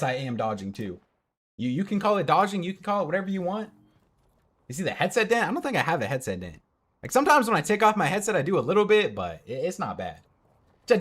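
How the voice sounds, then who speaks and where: Young man, headset mic, casual streamer chatter, lively up-and-down pitch. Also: breathy edge. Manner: chatty, reads out and answers chat. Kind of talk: casual live-stream commentary.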